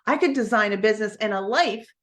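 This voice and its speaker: Woman, network marketing coach, live-stream storytelling, candid, earnest, mid-pitched voice, frequent restarts. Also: fast talker, fairly bright tone.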